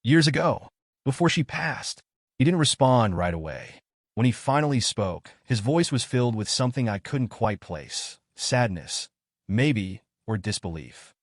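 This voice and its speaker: Expressive low-voiced male story narrator. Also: unhurried, dry recording, clean studio sound. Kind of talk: scripted first-person story narration.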